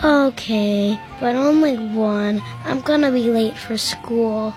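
A man's voice: extremely high pitch, a little mellow, pitched above the performer's own voice. A man voicing a whiny young boy in a comedy ad sketch, with music underneath. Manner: slow, whiny, drawn out.

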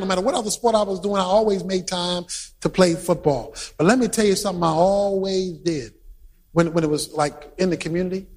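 A man preaching a sermon who tells stories with energy, shouts his points and quizzes the congregation. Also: high-pitched. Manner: animated storytelling, shouting for emphasis, quizzing the congregation.

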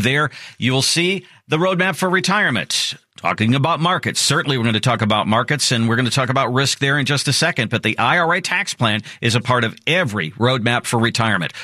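An upbeat male radio host who pitches his show with a bright, forceful tone. His pitch rises and falls a lot, and the sound is close and dry. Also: no echo. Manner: upbeat and promotional, with a lively pitch. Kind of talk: talk radio ad read and chat.

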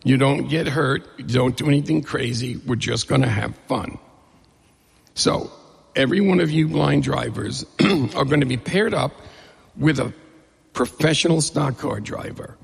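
A middle-aged man telling a lively, humorous personal story to an audience, acting out the dialogue. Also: medium pitch, measured pace, vocal fry, breathy edge, long reverb tail.

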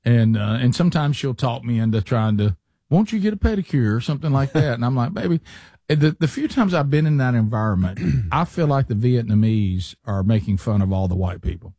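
A man's voice: mid-range voice, lively intonation, a little fast, warm tone, no room sound, clean studio sound. A man, hosting a talk radio show and telling stories in a rambling, self-deprecating way. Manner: rambling, self-deprecating storyteller with many restarts. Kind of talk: casual talk radio banter.

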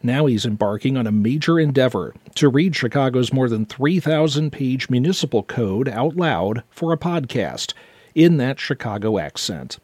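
A man news anchor reading a scripted intro in a steady, even way. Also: medium pitch, normal speed, breathy edge, dry recording.

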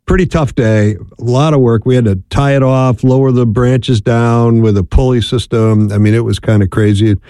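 A middle-aged man hosting a call-in radio show with a mellow, warm tone. He talks in a chatty, folksy way. The sound is dry and close, as from a studio mic. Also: medium pitch, fairly even intonation, normal speed, hardly any pauses, clean tone, dry recording. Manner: chatty, folksy, laughs easily. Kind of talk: casual call-in radio talk.

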